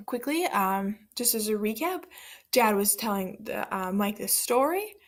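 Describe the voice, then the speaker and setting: A woman's voice: mid-range voice, lively intonation, unhurried. A woman teacher leading a second-grade reading lesson, explaining words and reading a story aloud.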